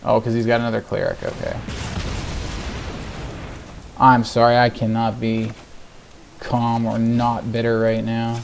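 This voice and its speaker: A man commentating his own card game, ranting in exasperation and swearing, swinging between low muttering and sudden shouts. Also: completely flat delivery, moderate pace, creaky, noisy background. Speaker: gaming video host. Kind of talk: live gameplay commentary.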